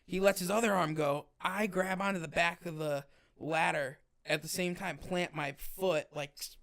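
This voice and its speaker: A man's voice: a little high, fairly even intonation, normal speed, vocal fry, fairly bright tone. A young man, a podcast co-host, telling a firefighter training story in casual chat, acting out the others' voices and swearing freely.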